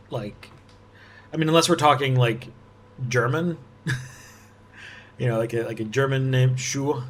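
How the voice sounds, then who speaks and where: Slow, musing man thinking aloud. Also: medium pitch, slight background noise. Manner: musing, halting, with frequent restarts and soft laughs. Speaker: puzzle-solving video host. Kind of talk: thinking aloud while solving a puzzle.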